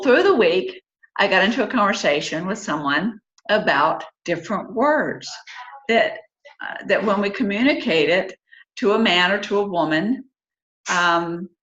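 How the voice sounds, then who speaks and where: Woman in her fifties, group-chat host, chatty and opinionated, recorded on a call mic in a roomy space with a dull, lo-fi sound. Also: medium pitch. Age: 50s. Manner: chatty, animated when quoting and opinionated. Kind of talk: casual online group chat.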